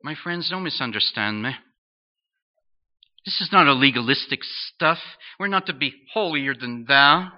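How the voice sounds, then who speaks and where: A man preaching a sermon in an earnest, questioning way, pausing between phrases. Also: mid-range voice, animated. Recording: dull lo-fi sound.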